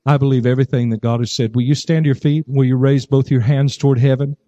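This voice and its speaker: A man's voice: medium pitch, flat delivery, fast, warm tone, dry recording, muffled recording. A male pastor preaching a sermon to his congregation, telling a story and rising to fervent cries of praise. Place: church service.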